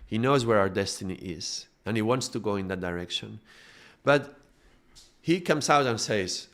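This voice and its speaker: A man's voice: fairly low pitch, expressive, normal speed, fairly bright tone. Chatty man teaching with tag questions. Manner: conversational, restarts, frequent tag questions. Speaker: spiritual teacher. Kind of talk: informal spiritual lesson.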